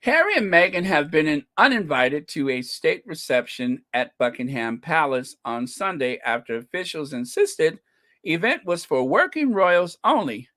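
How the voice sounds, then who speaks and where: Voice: medium pitch, very animated, moderate pace, fairly bright tone. A channel host giving casual, scornful commentary, reading comments and news items aloud and often breaking into laughter.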